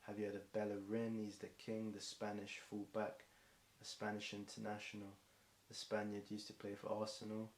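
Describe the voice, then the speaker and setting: A man's voice: on the low side, completely flat delivery, moderate pace, hardly any pauses. Rambling British man freestyling rhymes. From Britain. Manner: rambling off-the-cuff rhymes, frequent ums. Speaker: freestyle rapper. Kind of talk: long improvised freestyle rhyming. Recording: echoey room with faint hiss.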